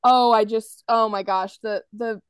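A woman's voice: a little high, fairly even intonation, unhurried, a loud crowd. An American woman co-hosting a podcast in casual chat, rambling through her points and acting out quotes from scenes. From United States. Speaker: podcast co-host.

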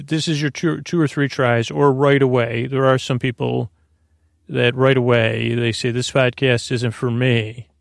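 Man, podcast host, gravelly voice, goofy rambling talk, dry close sound. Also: medium pitch, dry recording. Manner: goofy, meandering, full of self-corrections. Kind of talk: rambling sleep podcast monologue.

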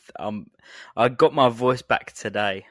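A man's voice: medium pitch, unhurried, a bit bright, dry recording. Male podcast co-host, laid-back banter, laughs a lot, dry close sound; casual chat. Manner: jokey, laughs often, drawling asides. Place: home recording space.

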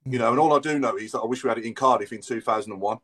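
Fast-talking man, rambling. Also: mid-range voice, a crowd in the background. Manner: fast, rambling, lots of fillers. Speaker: podcast panelist. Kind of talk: casual football chat.

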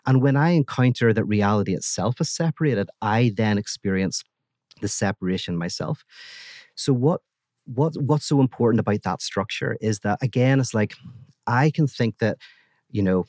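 Lower-voiced man telling ideas with animated restarts. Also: moderate pace, no room sound, clean studio sound. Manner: animated storytelling with frequent restarts. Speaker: guest philosopher. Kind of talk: podcast conversation.

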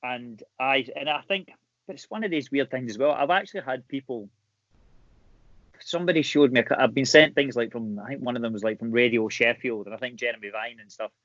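A man with a Scottish accent, an actor chatting casually and telling stories with animated energy. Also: medium pitch, a little fast, no room sound, muffled recording. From Scotland. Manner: animated storyteller, laughs easily. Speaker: actor guest. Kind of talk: casual chat.

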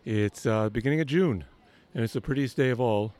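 An older man hosting a podcast outdoors in a garden, teasing and joking with halting restarts. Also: medium pitch, a little mellow. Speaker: podcast host. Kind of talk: casual outdoor chat.

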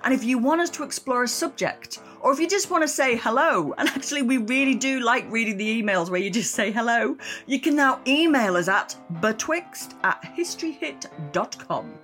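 A woman's voice: a little high, expressive, normal speed, hardly any pauses, fairly bright tone, soft background music. A woman hosting a history podcast, friendly in conversation and reading a scripted outro. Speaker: podcast host.

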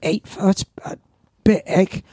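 A man's voice: extremely slow, dry recording. An older Welsh man, a former surfing champion, telling rambling anecdotes in a casual interview. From Wales. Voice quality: gravelly, raspy. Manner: rambling anecdotes with lively asides. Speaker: surf shop owner and former surfing champion.

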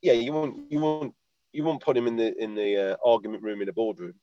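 A man's voice: medium pitch, fairly even intonation, a little fast, dark tone. A man, a former footballer chatting as a podcast guest, rambling, laughing and swearing as he talks from his parked car over a call. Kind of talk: casual chat over a call. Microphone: video call. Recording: dull lo-fi call audio.

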